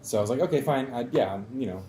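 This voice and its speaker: A man telling a drinking story in relaxed, wry casual chat, with some swearing. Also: medium pitch, quick pace. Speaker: show regular. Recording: echoey room with faint background noise.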